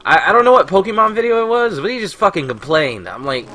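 A man's voice: sits high, very animated, quick pace, pushed and bright, faint music behind. A man hosting a let's play, telling stories in casual gameplay commentary and ranting with a lot of swearing. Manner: profane, ranting storyteller.

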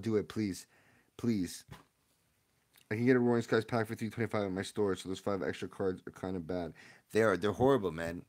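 Laid-back young man hosting a livestream. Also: on the low side. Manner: jumps between quiet mumbling and sudden loud yelling; laid-back slangy banter with chat. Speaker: livestream host opening card packs. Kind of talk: casual livestream chat.

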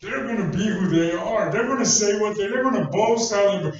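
In a church hall, a pastor with a high voice speaks a little fast, sharing a personal story in a folksy, conversational manner. The recording is distant, echoey, and dull.

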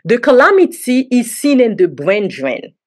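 Lively, emphatic woman panelist. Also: on the high side, unhurried. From Haiti. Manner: emphatic and rhetorical, with dry sarcasm. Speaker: roundtable panelist. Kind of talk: prepared academic talk.

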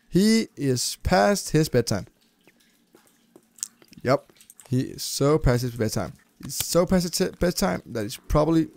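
A man narrating his gameplay in a slightly high voice that swings wildly up and down. He talks slowly and unhurriedly between bursts of disgust, swearing and startled outbursts. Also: animated, creaky, darkish tone, dry recording. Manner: jumpy, crude, lots of squeamish "ew" reactions and swearing. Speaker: let's play gamer. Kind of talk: gameplay commentary.

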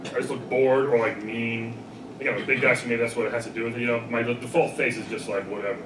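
A man doing a stand-up set in front of a live audience, acting out people in loud put-on voices. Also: mid-range voice, fast talker. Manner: animated, acts out people in shouted voices. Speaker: stand-up comedian. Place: live comedy venue with audience laughter. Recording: echoey room recorded from far off with background noise.

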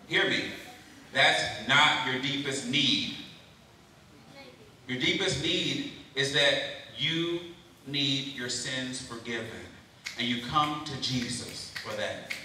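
A man giving a lively youth sermon at a camp, often calling out questions to his listeners. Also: on the high side, a little hiss or hum. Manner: lively, calls out questions to the crowd. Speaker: camp speaker. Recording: very echoey hall, mic far off.

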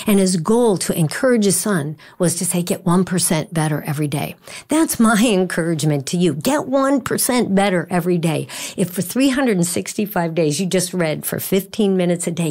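Low, mellow-voiced woman podcast host. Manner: earnest storytelling with fillers and restarts. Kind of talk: devotional podcast teaching.

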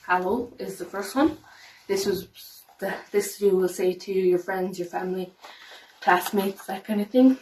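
A woman guide leader teaching simple phrases to children, saying each one slowly and repeating it carefully. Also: medium pitch. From Ireland. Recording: voice a little far from the mic, faint noise.

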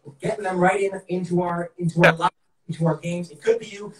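A man's voice: high-pitched, level tone, quick pace, roomy sound, distant mic, rough recording. A man with a Boston accent hosting a live-streamed game show, hyped up and talking straight to viewers. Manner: upbeat, hyped, talks to viewers.

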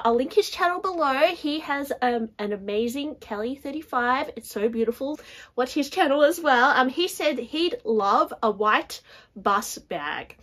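Chatty young woman, slightly high voice. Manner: chatty, fills talk with "like" and "guys". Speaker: handbag vlogger. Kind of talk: casual chat to camera.

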